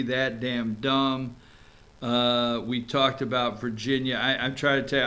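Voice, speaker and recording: A North Georgia man hosts a live online morning show. He rambles and gets worked up, and his voice is bright and forceful. He keeps pressing his points with emphatic repeats. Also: mid-range voice. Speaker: host.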